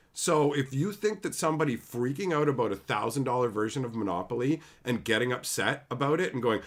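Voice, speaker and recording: A man's voice: mid-range voice, animated, normal speed. A man hosting a live stream, ranting bluntly and sarcastically with lots of swearing and greeting viewers in the chat. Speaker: livestream host. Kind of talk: profane live-stream commentary.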